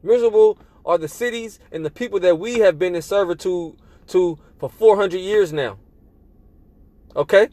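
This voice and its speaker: A man's voice: high-pitched, moderate pace, a little mellow, dry recording. A man preaching a sermon, reading scripture aloud and driving each point home with "man" and "all right?". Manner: emphatic, tags lines with "man" and "all right?".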